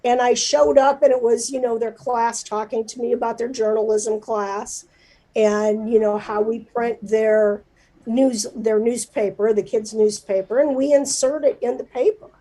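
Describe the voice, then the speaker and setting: A middle-aged woman publisher, chatty and emotional, talking in a livestreamed interview. Her voice is a bit high and mellow, with plenty of fillers. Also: fairly even intonation, unhurried, rough recording. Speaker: newspaper publisher, guest.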